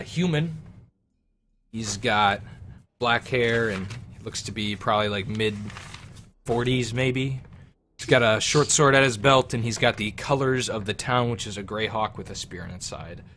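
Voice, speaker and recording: A man's voice: medium pitch, a little slow, fairly bright tone, slight background noise. A man running a tabletop role-playing game, describing scenes loosely with many fillers. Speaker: game master.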